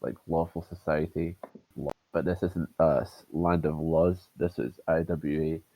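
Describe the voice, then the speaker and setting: Scottish man, podcast chat, very low voice, profane and rambling, dry headset sound. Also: little pitch movement, measured pace, no echo, lo-fi sound. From Scotland. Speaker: podcast co-host. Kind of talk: casual chat. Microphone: headset over voice chat.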